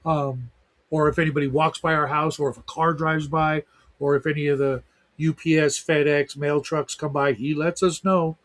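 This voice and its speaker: A man's voice: fairly high pitch, level tone, moderate pace, a bit bright. A middle-aged man hosting a livestream talk show in casual chat, rambling with lots of fillers. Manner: rambling, heavy use of fillers.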